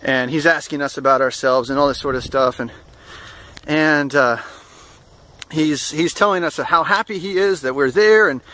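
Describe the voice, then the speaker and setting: Young vlogger, fairly high and bright voice, rambling casual storyteller. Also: male voice, normal speed. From United States. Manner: rambling, full of fillers and restarts, amused.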